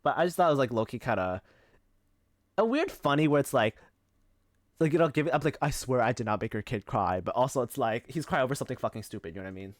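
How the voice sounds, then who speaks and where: A man's voice: mid-range voice, sing-song, fast, pauses often, dry recording, studio quality. A young man streaming live, chatting casually and telling rambling stories packed with fillers and swearing. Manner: rambling, filler-heavy storytelling with frequent swearing.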